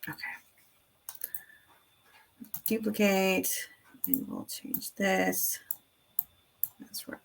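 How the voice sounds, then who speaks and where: Woman, 30s, casual craft vlog chat, rambling, slow pace, gravelly fry. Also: mid-range voice, a little hiss or hum. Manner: chatty, rambling, laughs often. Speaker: craft video creator. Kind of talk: casual screen-recording chat.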